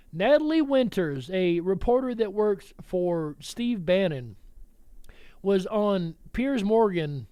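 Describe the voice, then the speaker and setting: Male commentary host, high voice, combative, dry booth sound. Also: dark tone, no echo. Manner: blunt, combative, talks straight to listeners as folks. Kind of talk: political commentary show.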